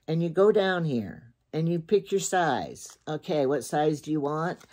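Low-voiced older woman chatting. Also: animated, unhurried, hardly any pauses, dark tone. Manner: chatty, rambling, thinks aloud and repeats herself. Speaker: shopping vlogger. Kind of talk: casual chat.

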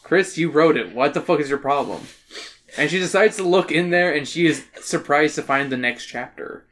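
A woman hosting a casual podcast, recapping a children's horror book with jokes and swearing. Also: low-pitched. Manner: animated, swearing, joking recap. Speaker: podcast host. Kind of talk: casual chat, summarizing a book.

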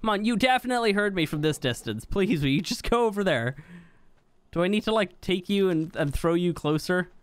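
A man's voice: animated, fairly quick, clean tone, dry recording. Chatty young man narrating gameplay. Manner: chatty, exasperated at his creature, jumps to high surprised yelps. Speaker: gaming YouTuber. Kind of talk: casual gameplay commentary.

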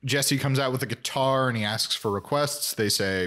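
A man's voice: medium pitch, normal speed, pushed and bright. A young man co-hosts a casual rewatch podcast, talking through plot points. He stops and restarts often and slips in dry jokes. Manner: hesitant, lots of ums and restarts, dry jokes. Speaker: podcast co-host. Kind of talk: casual recap chat.

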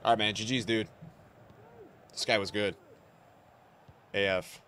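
A young man commentating his own football video game on a stream, with a sore throat, grumbling low and then bursting out loud and swearing. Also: unhurried, a little hiss or hum. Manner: swings from flat grumbling to loud outbursts, swears a lot. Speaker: gaming streamer. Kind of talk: live gameplay commentary.

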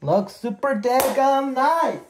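A man chatting casually to camera while unboxing birthday presents, excitable and folksy, repeating his words. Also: very high-pitched, takes it slowly. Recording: echoey room with faint noise.

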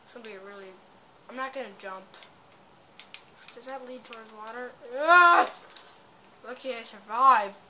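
Excitable woman yelling over gameplay. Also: on the high side, a little fast, pauses often, a crowd in the background. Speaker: gameplay commentator. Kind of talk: casual gameplay commentary.

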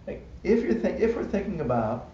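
This man has a high, mellow voice with big pitch swings and talks fairly quickly while teaching a casual dharma class. Chatty and quick to laugh, he checks in with "right?" and "you know." The live-stream sound is dull, with room echo and a faint hiss.

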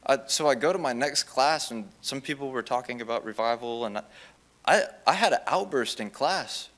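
A young man giving a chapel testimony as a student, telling his story in an animated way and acting out the lines of the people in it. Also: medium pitch, moderate pace, long pauses. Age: young adult. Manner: animated, acts out quoted dialogue.

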